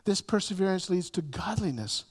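A man delivering a sermon in a high, light voice. He stumbles into repeated words, builds to emphatic peaks and then drops soft. The sound carries a long reverb, as from a large church hall. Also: expressive, moderate pace, breathy edge. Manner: repetitive restarts, rising to emphatic peaks then dropping soft. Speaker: pastor.

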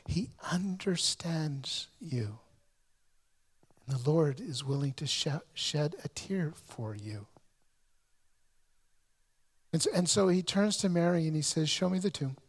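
A man's voice: on the high side, animated, unhurried. A male pastor preaching a sermon, telling a story earnestly and often stumbling over repeated words.

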